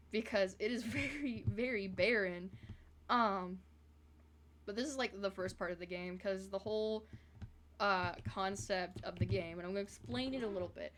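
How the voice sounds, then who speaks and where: A woman's voice: mid-range voice, fairly bright tone, slight background noise. A woman from the American South chatting casually on a live stream, rambling with lots of fillers.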